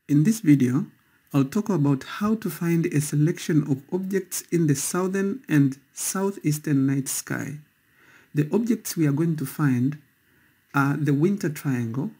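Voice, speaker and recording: A man's voice: on the high side, mellow, breathy edge. A man narrating a scripted voice-over for a stargazing guide, careful and instructional.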